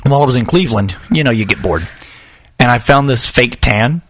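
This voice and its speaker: A man's voice: medium pitch, expressive, brisk, fairly bright tone, breathy edge, no room sound. Joking man hosting a podcast. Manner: joking, rambling storyteller. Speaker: podcast host. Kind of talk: casual chat. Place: small home studio.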